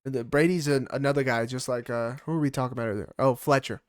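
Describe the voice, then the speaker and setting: A man's voice: medium pitch, fairly even intonation, quick pace, no room sound, studio quality. A man co-hosting a casual fight-picks podcast, giving blunt, heated, profane opinions. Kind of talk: casual sports chat.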